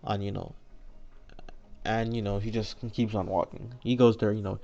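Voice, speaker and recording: Low gravelly young man, lo-fi. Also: little pitch movement, normal speed, pauses often, mellow. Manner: rambling, many fillers and restarts. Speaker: fan storyteller. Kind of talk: casual improvised story retelling.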